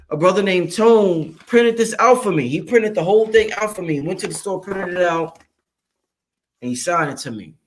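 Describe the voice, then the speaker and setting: A man raised in Brooklyn hosts a casual livestream and talks straight to his viewers. His voice sits a bit high for a man. His delivery is streetwise and full of profanity, and he gets animated as he answers the chat. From Brooklyn, New York.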